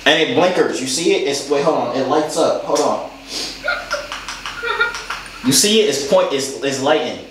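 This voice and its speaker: A man's voice: medium pitch, expressive, normal speed, pauses often, background noise. Teasing young man on a video call. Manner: teasing, joking. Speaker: host. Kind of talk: casual video-chat banter. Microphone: webcam or phone on a video call. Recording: roomy echo.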